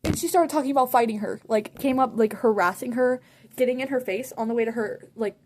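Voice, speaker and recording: A woman telling a story in a casual, animated way, saying "like" a lot and often laughing mid-sentence. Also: on the high side, brisk, slight background noise. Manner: chatty and animated, heavy use of "like". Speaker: vlogger.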